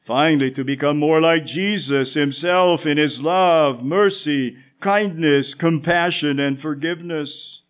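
A pastor delivering a sermon in a measured way, slowing down on key phrases. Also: male voice, on the high side. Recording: dull lo-fi sound.

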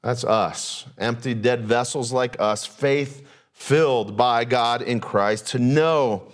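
A man pastor preaching a sermon, asking rhetorical questions and shifting his pace and pitch often. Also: slow pace.

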